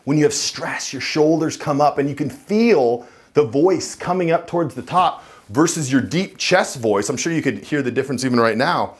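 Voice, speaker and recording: A man coaching viewers to camera, speaking emphatically and dropping into a low chest voice to demonstrate. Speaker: dating and voice coach. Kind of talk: instructional talk to camera.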